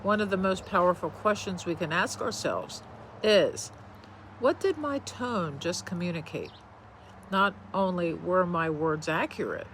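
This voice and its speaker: A man giving a reflective self-help talk in a calm, gentle, measured way, pausing to think between phrases. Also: sits high, a little hiss or hum, low-quality recording.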